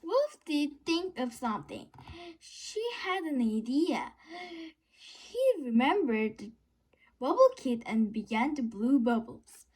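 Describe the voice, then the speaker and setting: A woman's voice: high-pitched, big pitch swings, a little mellow, breathy edge. A woman with a Korean accent reading a children's book aloud, often stumbling on a word and starting it again. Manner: halting, stumbles and corrects words. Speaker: storybook reader.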